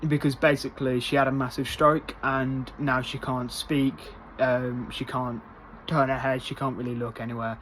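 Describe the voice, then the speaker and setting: A man rambles through a casual spoiler review, full of fillers and restarts. His voice sits at an ordinary middle pitch and swings into loud, high excitement. A faint background hiss runs under the recording. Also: moderate pace. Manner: rambling, many fillers, gets loudly excited.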